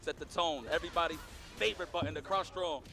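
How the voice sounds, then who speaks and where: A man rattles off rapid play-by-play for a fighting game match, his voice a touch high as he breaks down technical plays. Loud music runs under his call. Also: vocal fry. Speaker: tournament commentator. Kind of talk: play-by-play esports commentary. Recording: music playing behind commentary.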